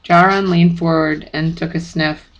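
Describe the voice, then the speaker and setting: A narrator reading a first-person chapter book aloud in steady, plain audiobook narration. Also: mid-range voice, unhurried, dull audio.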